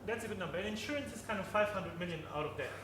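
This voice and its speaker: A man giving a conference presentation, halting, with frequent restarts and tag questions. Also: high-pitched, a bit bright. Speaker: conference speaker. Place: conference hall. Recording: long hall reverb, faint noise.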